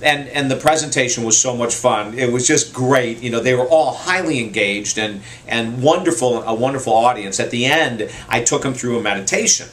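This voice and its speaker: A man's voice: medium pitch, normal speed, few pauses, a bit bright. Earnest, heartfelt male motivational speaker. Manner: earnest and heartfelt, repeats points for emphasis. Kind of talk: personal storytelling message to camera.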